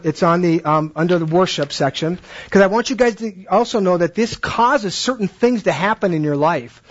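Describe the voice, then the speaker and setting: A man's voice: high-pitched, husky, dull audio. A man training Bible teachers in a conversational way, asking questions and acting out classroom exchanges.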